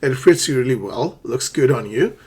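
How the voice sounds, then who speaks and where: In an English lesson for learners, a man teaches shopping phrases step by step, acting out short shop dialogues and checking in often with things like "okay". His mid-range voice is animated, a little mellow and slightly rough, at a moderate pace.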